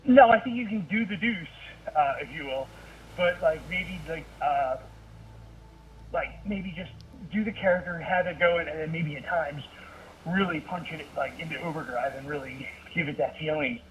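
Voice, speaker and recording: A man's voice: a little high, moderate pace, distant mic, a little hiss or hum, rough recording. A man calling in to give casual advice, speaking hesitantly with many fillers and downplaying himself. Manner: hesitant, filler-heavy, self-deprecating. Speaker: caller, writer.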